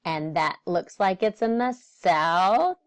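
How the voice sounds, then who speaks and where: Slow, lively woman teaching kids. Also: fairly low pitch. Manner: asks the class questions and confirms answers. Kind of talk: virtual field trip lesson for children.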